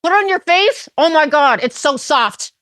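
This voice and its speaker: A woman's voice: high voice, lively intonation, moderate pace, a bit bright, no echo, studio quality, voice pushed up. A woman putting on a gushing woman reviewing a lipstick, enthusing breathlessly and over the top.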